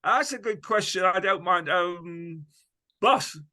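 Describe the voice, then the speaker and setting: A man's voice: high-pitched, expressive, slow, sharp tone. A man in his sixties from the United Kingdom, answering questions as a guest in a polite, easygoing way. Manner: polite, easygoing, apologetic when mishearing. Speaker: interview guest. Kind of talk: casual interview chat.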